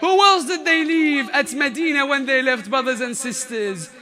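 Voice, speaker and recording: A man preaching a mourning sermon, impassioned, breaking into shouted and chanted lament. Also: very high voice, normal speed, soft background music.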